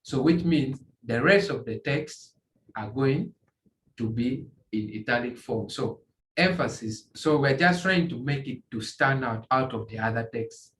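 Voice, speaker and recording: Halting man explaining a coding tutorial. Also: mid-range voice, animated, fairly bright tone. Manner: halting, repeats and restarts phrases, many fillers. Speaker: tutorial instructor. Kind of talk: screen-recorded coding tutorial. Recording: echoey room, faint ambient noise.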